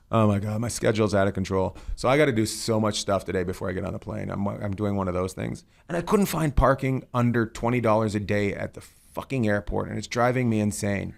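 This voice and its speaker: Middle-aged male host with a gravelly voice, loose, swearing, rambling anecdotes. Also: lowish voice, fast talker, hardly any pauses. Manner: rambling storyteller, swears freely. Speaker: podcast host. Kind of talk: casual comedic chat.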